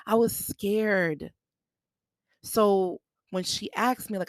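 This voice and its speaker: A woman's voice: fairly low pitch, measured pace, dry recording, clean studio sound. A young adult woman hosting a podcast, candidly telling a personal story in a conversational way and acting out what others said. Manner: candid, conversational, acts out quoted voices. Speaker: podcast host.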